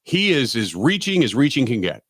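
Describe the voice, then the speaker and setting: A man's voice: mid-range voice, very animated, moderate pace, a bit bright, slightly rough, dry recording, clean studio sound. A man hosting a sports talk radio show, blunt and rambling, with frequent restarts.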